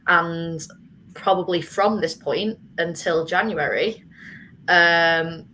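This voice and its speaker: Frank woman, lowish voice. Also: fairly bright tone, a little hiss or hum, rough recording. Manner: frank, opinionated. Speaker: fan panelist. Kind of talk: casual chat.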